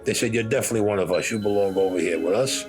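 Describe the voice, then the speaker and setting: A man's voice: on the low side, rapid-fire, darkish tone, faint music behind. An older man telling his own story bluntly, swearing freely and acting out what others said. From Brooklyn, New York. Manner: blunt, profane, acts out other people's lines. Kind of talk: first-person storytelling.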